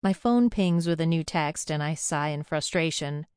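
Low smooth woman narrating an audiobook. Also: normal speed, a little mellow, no room sound, studio quality. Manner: chatty, confiding. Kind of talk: first-person audiobook narration.

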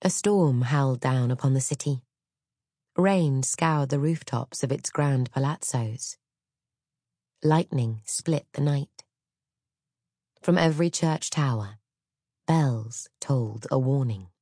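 A woman narrating a dark fairy-tale audiobook in a measured, dramatic storytelling manner. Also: rumbling low, husky, dry recording, studio quality.

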